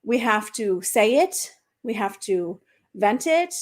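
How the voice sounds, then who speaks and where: A middle-aged woman hosting a casual group video chat, chatty, animated and laughing often as she tells stories. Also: on the high side, slow pace. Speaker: host.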